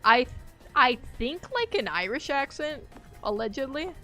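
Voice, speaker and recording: Chatty higher-voiced woman streaming a game. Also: very animated, a little slow, a bit bright, faint music behind. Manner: chatty and rambling, laughs often, reacts aloud to the game. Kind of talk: casual live-stream chat while gaming.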